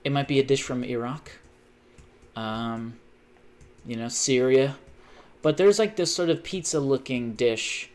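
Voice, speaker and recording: Guy streaming a game, rambly and cussy, hops topic to topic, mid-pitch voice. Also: a little slow, pauses often, darkish tone. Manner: rambling, profane, jumpy tangents. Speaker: gaming livestreamer. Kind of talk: casual chat while gaming.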